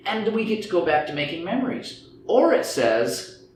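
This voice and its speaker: Lecturing to a group on anxiety and stress, this man voices inner thoughts as quoted dialogue. He sits high in pitch with a sing-song quality at a normal speed, recorded in a very echoey room with faint background noise.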